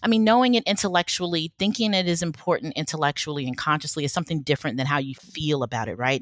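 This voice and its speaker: A woman's voice: deep voice, a bit bright, no echo, clean studio sound. A woman author and professor talking candidly as a guest in an interview, thinking aloud as she goes. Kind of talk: casual interview conversation.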